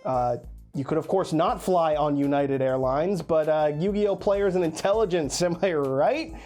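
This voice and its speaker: A man's voice: on the high side, a little slow, a little mellow, soft background music. Congested sarcastic man hosting a show. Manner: sarcastic, dry jokes. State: congested from illness. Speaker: host of a card game news show. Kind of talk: scripted news commentary.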